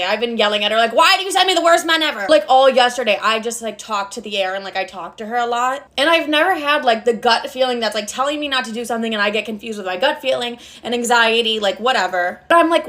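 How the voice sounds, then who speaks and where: A woman's voice: fairly high pitch, a bit bright. A young woman casually telling a personal travel story, chatty and full of swearing and "like.". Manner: chatty, swears constantly, fillers of "like".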